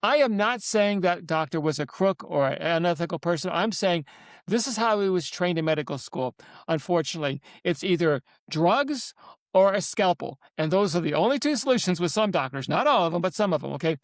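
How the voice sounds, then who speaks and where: A man in his seventies, a guest author telling stories in an interview, animated and emphatic, often repeating himself. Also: high voice, fairly quick, no room sound, studio quality. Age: 70s. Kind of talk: interview storytelling.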